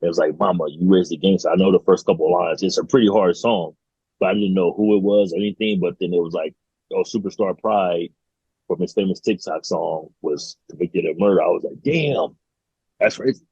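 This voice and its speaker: A man's voice: sits low, steady tone, brisk, mellow, breathy edge, no room sound, muffled recording. A young man, a podcast guest, chatting casually in a laid-back, slangy way with wry remarks. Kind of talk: casual chat.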